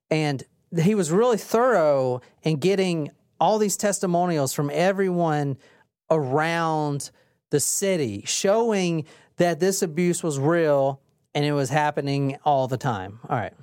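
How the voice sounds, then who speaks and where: A man's voice: fairly high pitch, measured pace, darkish tone, no echo, studio quality. Man hosting a casual true-crime chat. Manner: joking, reads case notes aloud. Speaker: podcast host.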